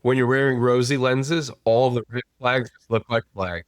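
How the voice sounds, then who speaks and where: A man's voice: medium pitch, steady tone, normal speed, dry recording. Male host, conversational, easygoing, medium voice, dry recording. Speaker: podcast host. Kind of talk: conversational podcast interview.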